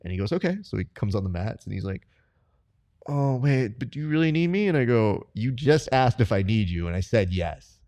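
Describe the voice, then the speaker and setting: A man hosting a casual interview, animated and acting out what others said in his stories. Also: medium pitch, fairly quick, dry recording. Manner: animated storyteller, acts out quotes. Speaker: interviewer and coach.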